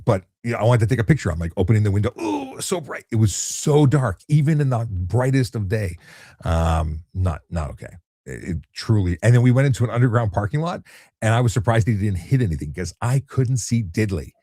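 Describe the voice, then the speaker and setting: A man, a traffic cop, hosting a relaxed late-night live chat and answering viewer questions in an easygoing way, often repeating words as he restarts. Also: on the low side, brisk, no echo, studio quality. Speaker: traffic cop and livestream host.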